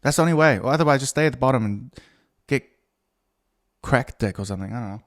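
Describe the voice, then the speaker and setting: A man's voice: mid-range voice, expressive, quick pace. A man rambles through a solo podcast episode. He is crude and self-mocking, breaking off mid-thought and circling back with fillers. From New Zealand. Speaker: podcast host.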